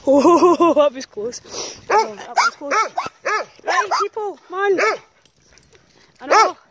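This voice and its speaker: A woman's voice: extremely high pitch, lively intonation, takes it slowly. A woman filming a walk, exclaiming and teasing as she talks to the dogs around her. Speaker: professional dog walker. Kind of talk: chatty outdoor vlog talking to dogs. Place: muddy countryside outdoors. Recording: outdoor noise with barking dogs. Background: dogs barking.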